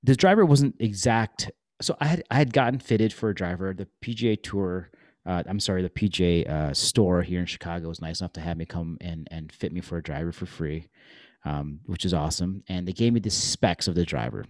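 Man in his 40s, low voice, lively casual storyteller on a dry close mic. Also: brisk, dry recording. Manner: animated, chatty storyteller. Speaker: podcast guest.

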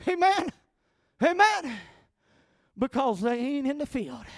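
Southern male pastor, very high pitch, dry close mic, emphatic sermon delivery with shouted peaks. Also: no echo. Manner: emphatic, calls for amens, rising to shouts.

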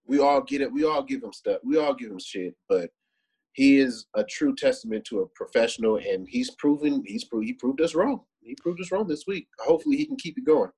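Husky-voiced male sports podcast co-host. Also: mid-range voice, a little fast, rough recording. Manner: relaxed, rambling with fillers. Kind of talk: casual sports talk.

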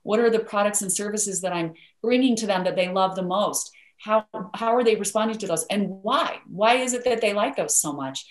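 A woman's voice: medium pitch, brisk, hardly any pauses. A woman from the United States, a guest author giving earnest, instructive motivational advice, repeating words for emphasis. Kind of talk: motivational coaching talk. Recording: roomy echo.

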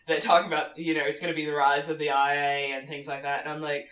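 A woman co-hosting a podcast, a teacher talking in casual, emphatic bursts and swearing freely. Her voice is bright and clear, and the room adds a noticeable echo. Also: low voice, level tone, fast, few pauses. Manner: emphatic, opinionated, swears, repeats words. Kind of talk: casual chat. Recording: roomy echo.

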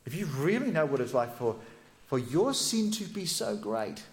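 A man preaching a sermon as a pastor, retelling a story with lively, animated delivery. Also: medium pitch, normal speed. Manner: animated storytelling, acts out quoted characters. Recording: echoey hall.

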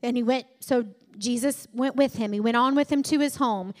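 A woman's voice: a little high, moderate pace. A woman preaching a sermon, retelling scripture stories and building to emphatic peaks.

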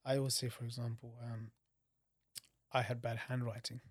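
Calm, reflective man. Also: medium pitch, normal speed, dry recording, studio quality. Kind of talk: casual chat.

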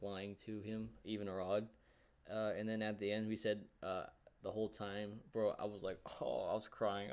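Rambling low-voiced man, full of fillers. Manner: rambling, heavy fillers, excitable reactions. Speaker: YouTuber. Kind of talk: casual rambling show recap.

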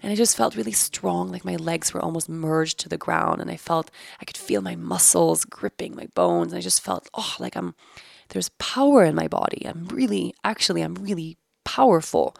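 A woman's voice: lowish voice, moderate pace, gravelly, no echo, clean studio sound. A woman in her thirties, hosting a podcast, candidly and searchingly recounting a personal experience and swearing casually. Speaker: podcast host. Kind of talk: reflective personal storytelling.

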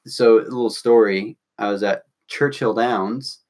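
A young man from Louisville co-hosting a podcast, talking in a relaxed, rambling way with crude asides. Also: lowish voice, measured pace. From Louisville, Kentucky. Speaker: podcast co-host. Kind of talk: casual chat.

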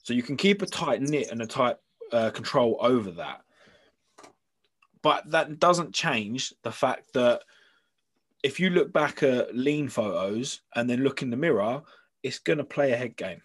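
A man in casual chat, explaining things in a measured, steady way. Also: mid-range voice, breathy edge.

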